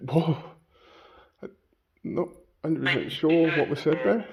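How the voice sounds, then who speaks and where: A man investigating a haunted abbey, talking in a hushed, on-edge way as he calls out to spirits. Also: on the high side, slow pace, gravelly, a crowd in the background. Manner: hushed and tense, calling out to spirits. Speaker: paranormal investigator. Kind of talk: ghost-hunting vlog narration. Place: old abbey room at night. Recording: muffled with loud background noise.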